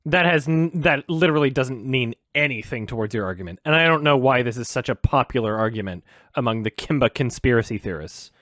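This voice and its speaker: A man hosting a reaction video, ranting in an exasperated, sweary way, swinging between loud outbursts and low sarcastic muttering. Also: lively intonation, a little fast, no room sound, studio quality. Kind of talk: ranting commentary.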